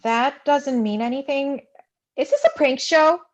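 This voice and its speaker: Cast: woman reading a flustered young woman, somewhat high voice, dull lo-fi recording. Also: unhurried. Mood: doubtful. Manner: hesitant, fumbling. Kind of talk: live play reading.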